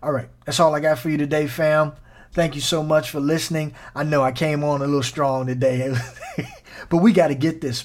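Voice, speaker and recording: A man hosting a sermon podcast, preaching in an animated, folksy way and talking straight to his listeners. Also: a little high, moderate pace.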